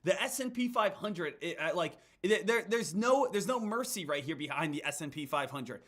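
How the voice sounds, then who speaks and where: A man's voice: high voice, lively intonation, normal speed, a bit bright. A man giving emphatic stock market commentary, repeating phrases and calling his viewers guys and team. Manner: repetitive, hype-driven, addresses viewers as guys and team.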